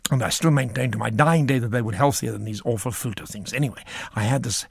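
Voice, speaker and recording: Older male actor, gravelly and a bit husky, spinning theatrical stage anecdotes with flair. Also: medium pitch, fast. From South Africa. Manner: animated, theatrical storyteller with flamboyant asides. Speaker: actor telling theatre stories. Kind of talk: theatrical anecdote in a radio interview.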